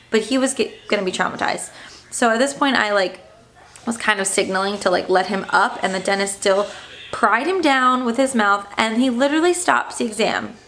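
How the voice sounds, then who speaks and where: Uma mãe jovem que narra num vlog casual uma ida difícil ao dentista, em tom indignado e aflito, com muitas hesitações. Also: female voice, mid-range voice, a bit bright. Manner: upset, indignant retelling with fillers. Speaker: stay-at-home mom vlogger.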